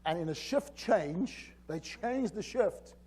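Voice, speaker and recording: A man telling an animated story on stage at a conference, acting out the dialogue. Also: sits high, slow pace, slight background noise. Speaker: conference keynote speaker. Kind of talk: storytelling presentation. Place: conference hall.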